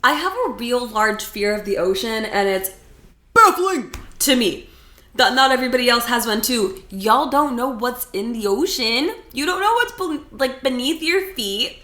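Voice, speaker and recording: A young woman from California co-hosting a podcast, chatting casually with an animated, expressive manner and frequent swearing. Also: a little high, moderate pace, roomy sound. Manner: animated, swearing, laughing often. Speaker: podcast co-host. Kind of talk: casual chat.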